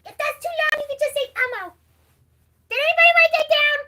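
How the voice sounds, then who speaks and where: A woman's voice: extremely high pitch, a little fast, sharp tone, voice pushed up. A woman voicing a small, mischievous red puppet monster who talks about himself in the third person. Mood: playful. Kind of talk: livestream character voice.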